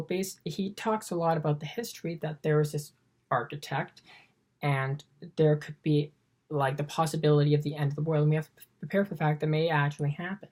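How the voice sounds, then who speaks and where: Woman film reviewer, deep low voice, eager and rambling scene-by-scene recap. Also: darkish tone.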